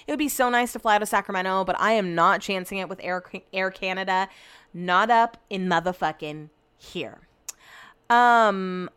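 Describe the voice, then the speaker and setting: A woman's voice: medium pitch, fairly bright tone, no room sound. A woman in her thirties hosting a podcast alone, rambling casually with lots of fillers and swearing. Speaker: podcast host. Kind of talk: casual solo chat.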